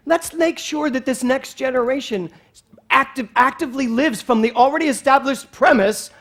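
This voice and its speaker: A man in his sixties preaching a sermon as a minister in a church, animated, swinging from soft passages to loud exclamations. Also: very high voice, moderate pace. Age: 60s.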